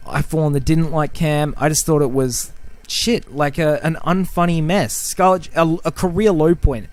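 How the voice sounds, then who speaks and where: A man's voice: on the high side, steady tone, moderate pace, a little mellow, no room sound. A man hosting a film podcast, ranting casually about bad movies with lots of swearing, fillers and restarts. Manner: profane, rambling, heated, with many fillers and restarts. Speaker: podcast host. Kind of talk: casual film-review rant.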